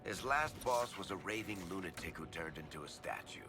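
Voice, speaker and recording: An actor playing a gruff male companion in a fantasy video game, speaking in a dry, sarcastic way. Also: low voice, animated, a little fast. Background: game music.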